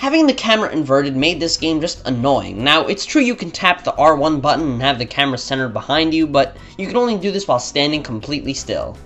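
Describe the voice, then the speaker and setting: A man's voice: fairly high pitch, very animated, quick pace, hardly any pauses, a bit bright. A man narrating a scripted game review in a blunt, opinionated, sarcastic manner.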